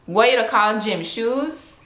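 A woman's voice: fairly high pitch, lively intonation, a bit bright. A young woman with a Caribbean accent, reading words one by one and answering questions in a casual vlog. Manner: slow, drawn-out word-by-word reading. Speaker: beauty vlogger. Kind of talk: casual word-list accent tag. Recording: roomy home room echo.

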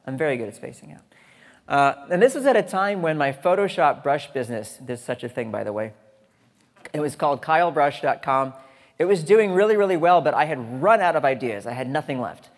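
A man's voice: fairly high pitch, lively intonation, fairly quick. A man giving a humorous conference talk, chatty and joking, with asides to the audience. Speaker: conference speaker. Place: large lecture hall stage. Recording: hall reverb on a stage talk.

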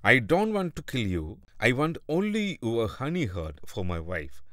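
Storybook crocodile, treacherous and blustering, voiced by a man, loud and dry. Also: mid-range voice, huge pitch swings, measured pace, dry recording, voice pushed up. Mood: worried, scheming. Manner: blustery, chuckling. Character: treacherous male crocodile, torn then scheming.

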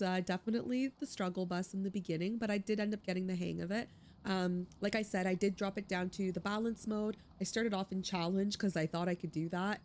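A woman's voice: fairly low pitch, a little mellow. Young female let's-play host: emotional, enthusiastic, casual chat, faint background noise. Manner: emotional and enthusiastic, chatty with fillers. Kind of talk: gaming commentary and wrap-up.

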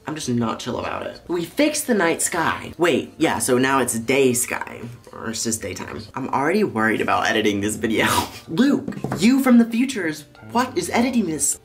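A young man vlogging while high, excitable and rambling as he paints along and talks to the camera. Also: moderate pace, soft background music. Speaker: YouTuber. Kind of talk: casual vlog commentary.

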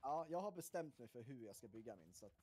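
A man's voice: medium pitch, sing-song, quick pace, darkish tone, faint music behind. A man chatting casually while gaming, hesitant with fillers.

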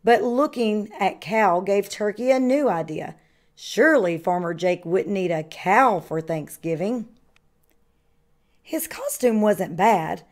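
A woman kindergarten teacher reading a picture book aloud to children with slow, expressive storytelling. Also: mid-range voice. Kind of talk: children's read-aloud narration.

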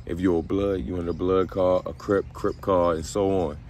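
A man telling a story casually, in a profane, slangy, animated way. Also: low voice, normal speed, slight background noise. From Baltimore. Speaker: vlogger.

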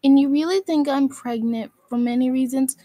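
A woman with a high voice rants straight to camera, scolding and hurling insults. She keeps looping back to the same stock phrases. The sound is dry, with no room around it. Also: normal speed, dark tone, no echo. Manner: scolding, insulting, repeats itself. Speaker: video maker. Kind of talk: angry rant to camera.

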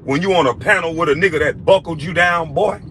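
A former basketball player ranting at someone with insults and mockery. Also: male voice, on the high side, a little fast, sharp tone, a little hiss or hum. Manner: insulting, mocking, profane. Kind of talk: profane rant in a played clip.

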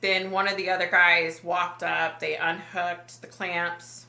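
A woman psychic vlogger retelling a dream in a halting, emotional way, full of fillers and restarts. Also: lowish voice, little pitch movement, creaky, pushed and bright, reverberant. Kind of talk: personal vlog storytelling.

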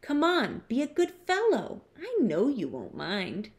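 A woman's voice: on the high side, wildly swooping pitch, unhurried, a little mellow, exaggerated voice. A woman voicing a lazy female bird coaxing someone to do her a favor. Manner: coaxing, wheedling.

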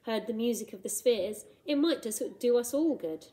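Storybook read-aloud: a woman reading as a calm, unshakable male iron giant, firm and plain, mellow tone. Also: on the high side, moderate pace, close to an everyday voice. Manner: firm, matter-of-fact. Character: steadfast giant male iron robot hero.

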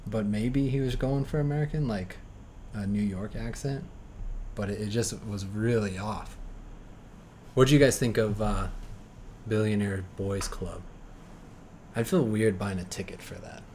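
A man's voice: lowish voice, measured pace, long pauses, darkish tone, slight background noise. A man hosting a podcast, chatting casually and rambling about movie trailers with lots of fillers and self-doubt. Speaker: podcast host. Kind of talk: casual trailer reaction chat. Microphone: streaming mic.

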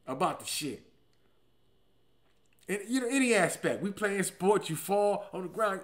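A man in his forties telling comic stories in a slangy, profane monologue, swinging between loud emphatic bursts and low muttered asides. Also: big pitch swings, a little slow, long pauses. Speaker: comedian. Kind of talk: comedic storytelling monologue.

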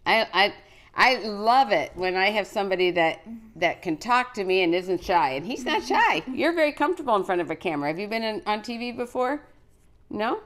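A woman's voice: mid-range voice, lively intonation, a little fast, a bit bright. A woman in her sixties hosting a live cooking show, chatty and encouraging, reading out greetings from viewers. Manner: frequent fillers and restarts. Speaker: host of a children's cooking show.

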